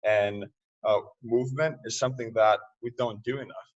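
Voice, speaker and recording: A man speaking as a podcast guest in casual interview talk, loose and quick to laugh, often restarting his sentences. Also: medium pitch, steady tone. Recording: distant, muffled remote audio.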